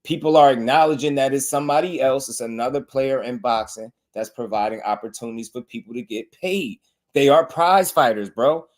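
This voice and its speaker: A man's voice: mid-range voice, fairly quick. A man, hosting a boxing stream and bluntly scolding his chat in slangy, repetitive talk. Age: 30s. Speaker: boxing podcast host. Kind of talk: live-stream commentary, addressing chat.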